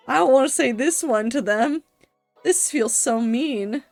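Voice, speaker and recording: A woman's voice: high-pitched, lively intonation, slow pace, creaky, a little mellow, dry recording, soft background music. A woman streaming a game, chatting casually and wryly as she reads out her choices. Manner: casual and wry, reading choices aloud. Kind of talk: live game stream commentary.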